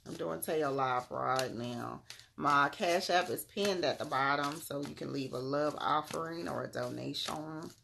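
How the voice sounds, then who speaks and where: A woman's voice: deep voice, unhurried, vocal fry, a bit bright, a little hiss or hum. A woman giving a casual tarot reading on a live stream, laid-back and slangy, calling her viewers "beloved".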